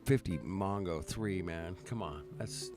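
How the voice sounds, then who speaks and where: A man with a fairly low voice hosts a relaxed livestream from home. He drawls slowly, swears freely and keeps saying "man" and "bro". Guitar music plays clearly behind him. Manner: slow, laid-back drawl, swears freely, says "man" and "bro" often. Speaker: livestream host. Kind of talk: casual chat reading viewer comments. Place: at home, in California.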